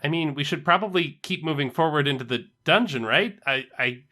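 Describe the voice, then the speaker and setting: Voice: mid-range voice, a little fast, sharp tone. A player in a tabletop game, speaking hesitantly with light laughs.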